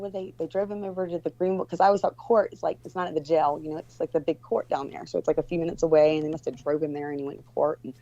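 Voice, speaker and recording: A woman's voice: sits low, dark tone. A woman guest telling a story in casual talk, rambling with many restarts and fillers. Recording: dull lo-fi recording.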